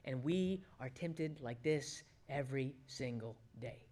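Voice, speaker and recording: A man preaching a sermon, swinging between loud emphasis and hushed asides as he acts out quoted voices. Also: medium pitch, unhurried. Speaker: pastor.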